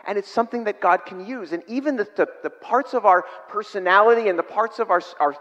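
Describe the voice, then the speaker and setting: Middle-aged male preacher who reads scripture and then chats through it, with a somewhat raised pitch and a ringing hall echo. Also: fast, a bit bright, highs cut off. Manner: conversational, reads scripture then explains it plainly. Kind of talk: sermon. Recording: long hall reverb.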